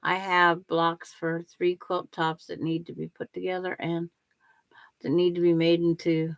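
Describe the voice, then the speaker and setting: An older woman chats away unhurriedly as she sews, her voice sitting a little low. She answers viewers and narrates each quilting step to herself. The sound is dry and close, with no room echo. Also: flat delivery, measured pace. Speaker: quilting livestream host. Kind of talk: casual chat while sewing.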